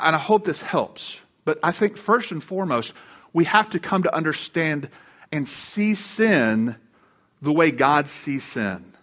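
A man's voice: fairly high pitch, fairly bright tone. A middle-aged man preaching a sermon to a live congregation, telling a personal story with humor and acting out voices when he quotes people. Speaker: pastor. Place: church before a live congregation.

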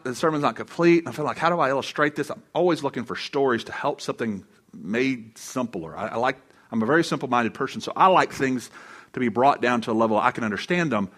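Storytelling male pastor preaching to a congregation. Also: medium pitch. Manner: storytelling with humor, animated voices for quotes. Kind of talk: sermon. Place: church before a live congregation.

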